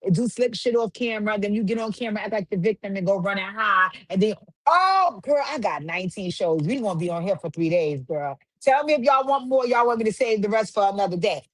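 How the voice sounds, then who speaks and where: Woman, livestream host, casual recap, profane, animated, higher voice, dry close sound. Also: dry recording. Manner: animated, profane, sing-song refrains.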